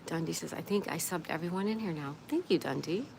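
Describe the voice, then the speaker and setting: A woman's voice: on the low side, a little fast. A woman hosting a casual livestream, reading her viewers' comments aloud and answering each one in a chatty way. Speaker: livestream host. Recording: clear background noise.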